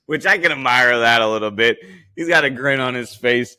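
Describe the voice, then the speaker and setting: A man hosting a podcast, giving a blunt, animated, casual recap of a cooking competition and swearing freely. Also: mid-range voice, normal speed. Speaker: podcast host.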